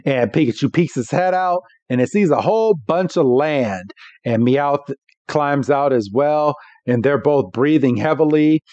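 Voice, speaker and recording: A man co-hosting a podcast who recaps a cartoon episode in a casual, animated way and laughs as he goes. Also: a little high, unhurried, dry recording, dull audio. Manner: animated, laughs while he talks. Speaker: podcast co-host.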